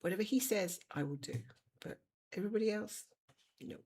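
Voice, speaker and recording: A middle-aged woman hosts a cross-stitch livestream from a room at home, chatting casually while she stitches. Her mid-range voice is brisk with a darkish tone, there's a little hiss or hum, and she talks bluntly while fussing over her cat.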